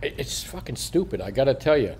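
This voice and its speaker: An older man rambles through a casual video monologue, swearing freely and chuckling as he goes. His voice sits at a middle pitch with a dark, mellow tone, and his words slur a little through a missing front tooth. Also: very animated, fairly quick, breathy edge. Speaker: coin shop owner and market commentator.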